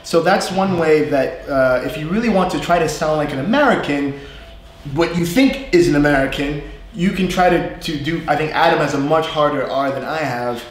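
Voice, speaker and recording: A man with a New York accent leads a casual live English lesson in a slightly high voice. He talks freely, checks in with his listeners as he explains, and sounds like he is in an echoey room. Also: moderate pace. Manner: chatty, explains with frequent "right?" and "you know". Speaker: English teacher. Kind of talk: live online class chat.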